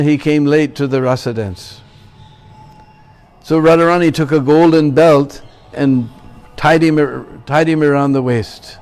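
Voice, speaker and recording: A man's voice: medium pitch, darkish tone. A man preaching in a temple, telling a sacred story and checking in with his listeners. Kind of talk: sermon storytelling.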